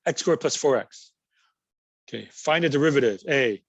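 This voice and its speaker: A man's voice: medium pitch, lively intonation, normal speed, creaky, dry recording, muffled recording. Man, math instructor, patient explaining, repeats key terms, dry close recording. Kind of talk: recorded class lecture.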